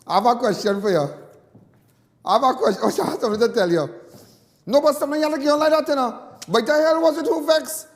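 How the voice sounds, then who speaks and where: Trinidadian male caller, very high voice, heated and repetitive, with a long echoing reverb. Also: fast. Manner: impassioned, repetitive, indignant. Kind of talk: call-in talk radio rant.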